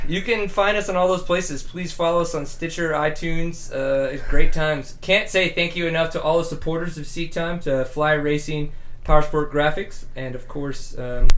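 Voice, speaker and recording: A man's voice: a little high, a bit bright. A young adult man with a Texan accent hosting a dirt-bike show wrap-up, out of breath, joking and flustered. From Texas. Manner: joking, flustered, laughing between phrases. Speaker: podcast host. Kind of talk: casual show wrap-up chat.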